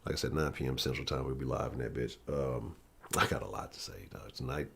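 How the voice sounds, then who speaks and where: A man's voice: rumbling low, fairly quick, vocal fry. A man hosting a live-stream sports talk show, ranting bluntly and profanely. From Houston area.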